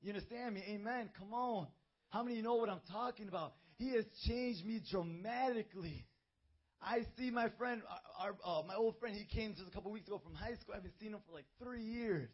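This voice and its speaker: A young man preaching a youth sermon into a handheld mic, emphatic and building to shouts. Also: high-pitched, brisk, slightly rough. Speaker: youth pastor. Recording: dull lo-fi recording.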